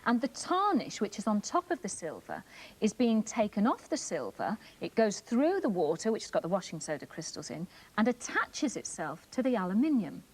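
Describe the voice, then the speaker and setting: Welsh woman demonstrating with lively pitch. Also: normal speed, rough recording. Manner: clear step-by-step explaining. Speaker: co-presenter demonstrating a science trick. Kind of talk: children's TV demonstration.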